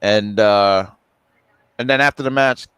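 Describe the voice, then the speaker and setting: A man's voice: lowish voice, a little slow, a bit bright, smooth, no echo. A man co-hosting a casual online chat, rambling with many fillers and restarts. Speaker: co-host.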